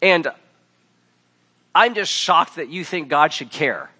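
Male pastor, 30s, bright higher voice, wry conversational sermon delivery. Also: lively intonation, takes it slowly, breathy edge. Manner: conversational, wry storytelling with acted quotes.

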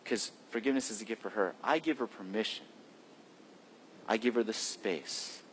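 A male pastor preaching a sermon in a conversational way, asking the listeners questions and swinging between loud emphasis and hushed, drawn-out phrases. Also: lowish voice, a little hiss or hum. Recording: long hall reverb.

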